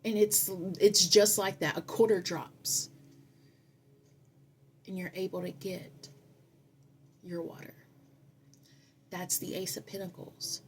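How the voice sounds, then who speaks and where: A woman's voice: lowish voice, steady tone, a little hiss or hum. Earnest woman giving a spiritual tarot reading. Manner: earnest, preachy, speaks in repeated affirmations; tells stories with drawn-out, dramatic pauses. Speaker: tarot reader.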